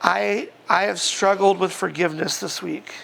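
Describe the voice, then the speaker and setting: A man with a high voice and a gravelly, fry-edged texture delivers a casual sermon. He reads scripture passages aloud and talks through them conversationally, with plenty of fillers and small chuckles along the way. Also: normal speed. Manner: relaxed, chatty, frequent fillers and chuckles. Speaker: pastor.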